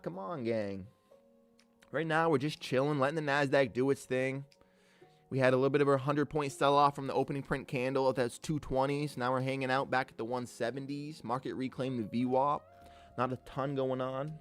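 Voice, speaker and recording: A relaxed man streaming his trading session, mid-pitched and easygoing, cheerfully calling out names from the chat between chart notes. Faint music plays behind him. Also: normal speed, clear, resonant tone, no echo. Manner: laid-back, upbeat, greets chatters as king and brother. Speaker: live-streaming day trader. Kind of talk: live trading commentary with chat shout-outs.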